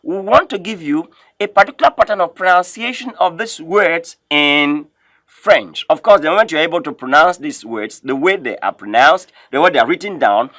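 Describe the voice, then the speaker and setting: A man teaching a French lesson, pronouncing words slowly and repeating them for learners to copy, often saying "of course". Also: on the high side, lively intonation, fairly bright tone, dry recording. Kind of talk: classroom lesson, teaching pronunciation.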